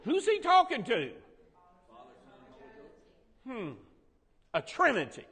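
A man leads a Sunday school Bible lesson, his voice high and bright with big swings in pitch. He asks the class questions and jokes with them. The long reverb of a church room trails behind him. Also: slow pace, breathy edge. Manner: animated, quizzes and jokes with the class.

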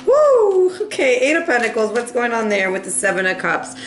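A high-pitched woman giving a playful, chatty tarot reading, acting out quick voices for the cards. She laughs often and coughs now and then. The room is echoey, with a faint hum behind her. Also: huge pitch swings. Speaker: tarot reader.

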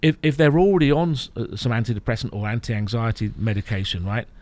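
A man coaching and explaining on a podcast, emphatic, often checking in with a quick "right?". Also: mid-range voice, a little mellow. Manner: emphatic, explaining, frequent "right?" tag questions. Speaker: therapy programme coach. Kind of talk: podcast guest conversation.

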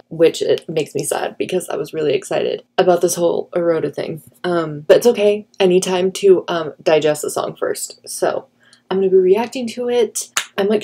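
A young woman vlogging a music reaction, gushing and excitable like an eager fan. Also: fairly low pitch, breathy edge. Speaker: reaction youtuber. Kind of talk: casual reaction vlog.

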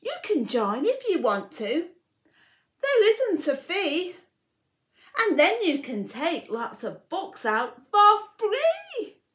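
A woman's voice: extremely high pitch, wildly swooping pitch, takes it slowly, a bit bright, pitched above the performer's own voice, heavily acted. A woman voicing an eager young boy who kindly explains something in a storybook she reads aloud.

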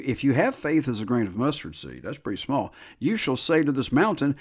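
An older man preaches in a folksy, conversational sermon. His pitch rises and falls a lot. He slows down and stresses each scripture quote. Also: big pitch swings, husky. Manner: folksy, drawls scripture slowly with emphatic rises. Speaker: preacher and Bible teacher.

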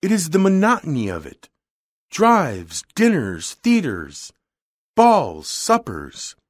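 A man's voice: on the high side, wildly swooping pitch, slow, dry recording, studio quality, voice pushed up, full character voice. A man voicing a wealthy, bored young woman who speaks in a cool, refined, weary way.

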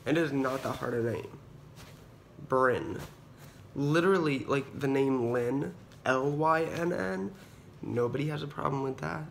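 A young man with a gravelly, fry-heavy voice vents on a casual phone vlog from a hospital room, dramatic and full of "like"s and swearing. His pitch sits mid-range, and a faint hum of the room sits behind him. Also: normal speed. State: unwell patient awaiting kidney surgery. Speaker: vlogger.

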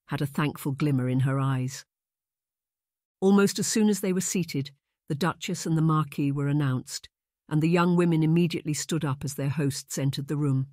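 Male audiobook narrator, fairly high, dry. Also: a little mellow, no echo. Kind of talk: scripted narration.

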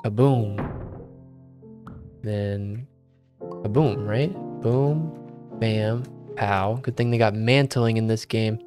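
Slow, joking man playing a game. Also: on the low side. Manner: playful, joking, talks to himself. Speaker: gaming video creator. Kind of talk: let's play commentary. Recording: faint game music behind.

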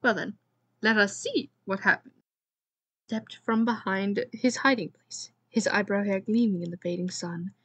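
A woman's voice: medium pitch, steady tone, unhurried, a bit bright, husky, no echo. A woman gaming host reading a storybook aloud, with playful, dramatic storytelling and joking asides to the listener.

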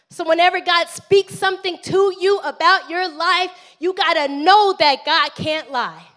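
High-voiced woman pastor preaching. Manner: animated preaching, calls for amens, acts out prayers. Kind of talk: live sermon.

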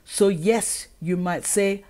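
A woman's voice: mid-range voice, steady tone, slow, mellow. Earnest woman asking questions. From Africa. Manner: earnest, asks many rhetorical questions. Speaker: channel host and educator. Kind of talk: talking-to-camera advice vlog.

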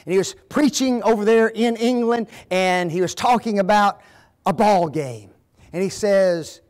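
An older man with a high-pitched voice speaks unhurriedly as the guest speaker at a marriage seminar in a church hall. His folksy talk is animated storytelling, dotted with rhetorical questions to the audience.

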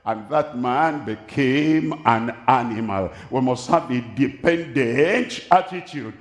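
A man with a Nigerian accent preaching a sermon at a large crusade, speaking slowly and deliberately, repeating his key phrases. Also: medium pitch, lively intonation. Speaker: pastor. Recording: echoey hall, voice from a distance.

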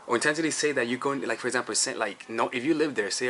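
Man with a bright tone, loose rambling delivery and faint background noise, as a dating coach. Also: mid-range voice, racing, hardly any pauses. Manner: rambling, restarts often, frequent "all right?" and "you see". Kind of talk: casual advice monologue.

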